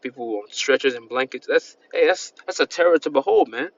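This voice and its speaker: A man's voice: medium pitch, a little fast, dry recording. Male preacher, loose and repetitive delivery, scripture readings, dull home-recorded audio. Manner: rambling, repetitive, peppered with "man" and "all right". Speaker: street-style preacher. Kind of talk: informal sermon with scripture reading.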